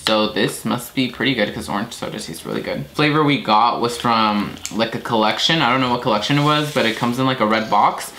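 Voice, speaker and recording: A man's voice: medium pitch, a little fast, hardly any pauses, bright, forceful tone. Young man, vlogger, casual chat, unfiltered, noisy background. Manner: chatty, unfiltered, casual swearing. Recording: noisy home video.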